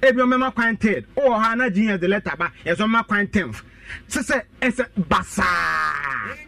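A political guest with a Ghanaian accent argues politics on a radio talk show, mixing Twi and English, pressing his points emphatically and repeating them. His voice is high-pitched, a bit bright and animated, and he talks fast, sitting far from the mic.

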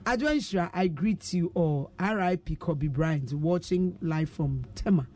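A woman's voice: on the low side, a little slow, mellow. A Ghanaian woman hosting a radio show, chatting playfully and reading out listener messages. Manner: playful, teasing, laughs often. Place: radio studio.

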